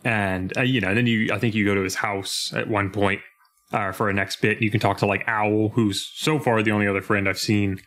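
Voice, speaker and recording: A young man co-hosting a casual podcast, animated and jumping into mock voices as he retells scenes. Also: fairly low pitch, brisk. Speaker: podcast co-host. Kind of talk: casual chat.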